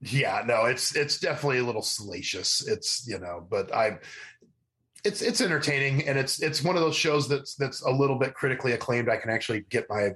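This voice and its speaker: A man's voice: medium pitch, expressive, brisk, fairly bright tone. Man, casual podcast chat, rambling, restarts, laughs a lot. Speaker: podcast co-host.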